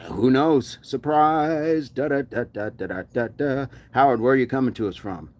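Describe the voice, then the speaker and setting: A man's voice: mid-range voice, normal speed. An American man hosting a daily fitness livestream, reading out chat comments and cheering viewers on in an upbeat, encouraging way. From United States.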